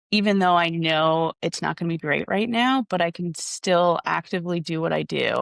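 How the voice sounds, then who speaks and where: A young woman coaching golf gives earnest, reflective answers in an interview. Her voice has a gravelly edge, and the sound is dry and close. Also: on the low side, fairly bright tone, no room sound.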